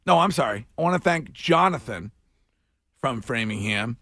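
A man's voice: mid-range voice, animated, moderate pace, pushed and bright, no room sound, clean studio sound. A man hosting a morning radio show, chatting casually and jokily with lots of restarts. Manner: chatty, jokey, trailing fillers and restarts. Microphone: studio microphone.

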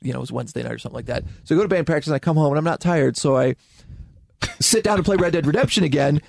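A man co-hosting a casual gaming podcast, telling rambling stories at a quick clip. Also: on the high side, vocal fry, darkish tone, dry recording, clean studio sound. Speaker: podcast co-host. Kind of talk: casual chat. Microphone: close studio mic.

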